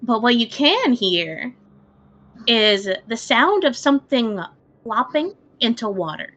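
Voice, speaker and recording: Higher-voiced woman running a tabletop game. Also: very animated, takes it slowly, a bit bright, dull audio. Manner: descriptive, laughs easily, casual. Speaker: game master.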